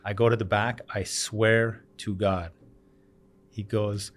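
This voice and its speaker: Animated low-voiced man telling bar stories. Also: measured pace. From Canada. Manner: animated storyteller, acts out quoted voices. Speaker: bar owner, podcast guest. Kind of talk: casual chat.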